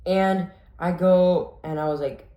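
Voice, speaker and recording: A man's voice: sits high, fairly even intonation, takes it slowly, warm tone. A man rambles through a storytime vlog, his sentences chained with "like" and "and then". His voice rings in an echoey room. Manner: rambling, breathless storytelling full of "like". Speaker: vlogger.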